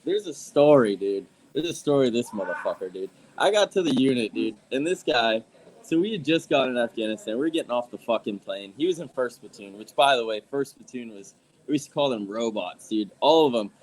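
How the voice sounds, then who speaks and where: A man's voice: medium pitch, animated, a little fast, slight background noise, low-quality recording. A male guest with a mid-range voice telling crude army stories. He drops "dude" after nearly every phrase in loose, casual chat. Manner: says "dude" constantly, crude banter.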